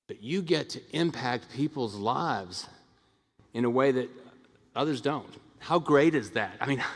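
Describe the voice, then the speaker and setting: A middle-aged man giving a commencement speech as a hospital administrator, telling stories and acting out the voices of the people in them, with frequent restarts. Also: on the high side. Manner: animated storyteller who acts out quoted voices, frequent restarts. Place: large ceremony hall. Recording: long reverb of a large hall.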